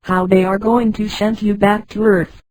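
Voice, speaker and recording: A text-to-speech woman's voice reading the lines of a middle-aged male treasure patron in a flat, unchanged voice. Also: mid-range voice, moderate pace, natural voice, poor audio. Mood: plain. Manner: flat synthetic read, no change of voice.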